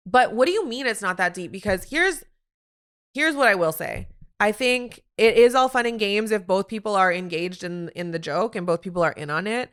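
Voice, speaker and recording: A woman hosting a solo sports podcast, talking in an animated, opinionated way with quick asides. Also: medium pitch, clean tone. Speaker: podcast host.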